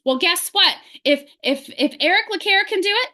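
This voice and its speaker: A woman leading her sales team on a video call, giving a fervent motivational talk full of rapid rhetorical questions. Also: extremely high pitch, animated, pushed and bright.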